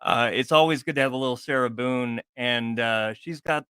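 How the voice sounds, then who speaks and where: A man's voice: medium pitch, moderate pace, sharp tone, smooth, dry recording. A man co-hosting a livestream, thanking viewers for their messages and chatting casually between readings. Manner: thanks viewers, chatty asides, laughs a lot. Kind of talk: casual live chat.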